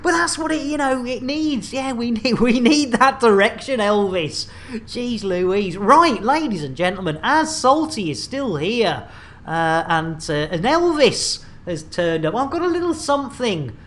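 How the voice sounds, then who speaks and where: A man's voice: high voice, lively intonation, a little slow, fairly bright tone. A man streaming a space game, rambling and joking with repeated catchphrases. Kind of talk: live-stream commentary.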